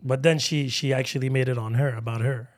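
A man's voice: medium pitch, fairly even intonation, fairly quick. A man on a podcast chatting casually, breaking off and restarting his sentences. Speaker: podcast co-host. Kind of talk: casual chat.

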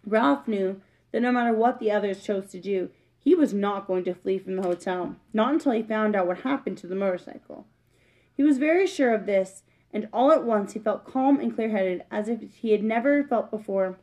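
A woman reading a children's book aloud, plain and steady, with small slips. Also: medium pitch, moderate pace, low-quality recording. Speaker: reader.

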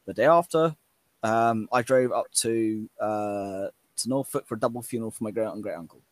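A man's voice: lowish voice, brisk, no echo. Earnest man in his thirties. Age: 30s. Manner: earnest, heartfelt, raises his voice when quoting himself. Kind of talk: casual chat.

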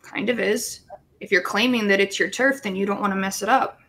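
A woman's voice: medium pitch, steady tone, brisk, fairly bright tone. A woman playing a tabletop role-playing game, hesitant and reasoning things out. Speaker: player.

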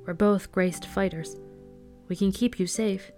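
A woman's voice: medium pitch, fairly even intonation, a little slow, darkish tone, faint music behind, lightly acted. A woman voicing a bold young female fighter who speaks firmly and reassuringly. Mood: steady. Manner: firm, reassuring.

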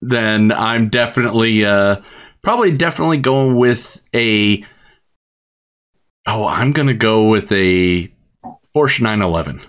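A man's voice: on the low side, lively intonation, measured pace, pauses often, a bit bright. A man hosting a podcast from his home studio, chatting casually, laughing often and restarting sentences. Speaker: podcast host. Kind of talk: casual chat.

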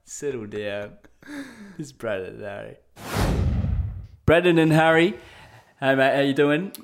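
A man co-hosting a casual chat show, teasing and laughing through quick banter. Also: mid-range voice, creaky. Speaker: podcast co-host.

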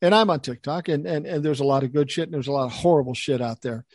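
Older male talker, slightly high voice, lively yarn-spinner, dry close sound. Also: fast, dry recording. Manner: animated storyteller acting out quoted voices. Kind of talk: casual storytelling chat.

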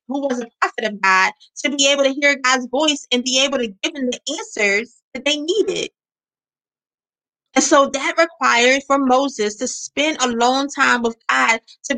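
High, bright-voiced woman preaching. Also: low-quality recording. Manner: earnest, repeats phrases for emphasis. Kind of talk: sermon.

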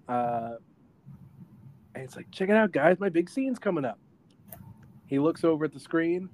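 A man co-hosting a podcast, chatting casually as he retells a film scene by scene. He talks in an animated way and keeps jumping into brief voice impressions of the characters. A faint background ambience sits under his voice. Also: a little high, normal speed, long pauses, a little hiss or hum. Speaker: podcast co-host reviewing a film. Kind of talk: casual chat.

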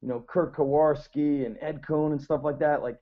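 A man's voice: a little high, fairly even intonation, normal speed, phone-quality sound. A man co-hosting a podcast, talking in a casual, hesitant and agreeable way. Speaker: podcast co-host.

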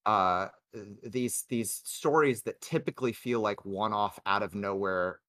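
A man co-hosting a casual chat, giving measured, hedging critique of a show. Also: fairly low pitch, a bit bright, no room sound. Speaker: podcast co-host.

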